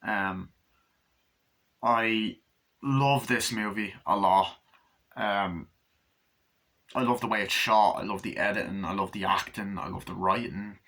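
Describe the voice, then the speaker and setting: A man's voice: lowish voice, takes it slowly, pauses often, sharp tone, poor audio. A man casually reviewing a movie, rambling with lots of fillers and swearing as he retells scenes and acts out the characters' lines.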